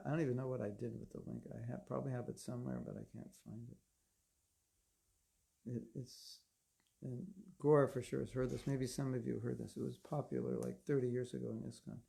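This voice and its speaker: A man's voice: medium pitch, gravelly, a little mellow. A man giving a devotional class lecture as a spiritual teacher, conversational and wry, often putting questions to his listeners. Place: Alachua, Florida.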